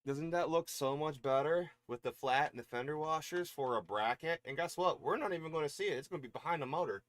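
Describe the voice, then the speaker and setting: A man's voice: brisk, no room sound. A man vlogging casually to his viewers while setting up gear, swearing freely and chatting as he works. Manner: baby-talks in a high voice to his cat. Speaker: streamer setting up gear on camera. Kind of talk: casual vlog talking to viewers.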